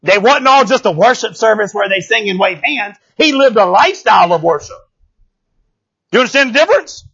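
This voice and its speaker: A male pastor giving a lively, conversational sermon, speaking straight to his congregation and often checking in with them. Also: high voice, fairly quick, breathy edge, muffled recording. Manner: animated, talks straight to the congregation, often asks "you know what I'm saying?".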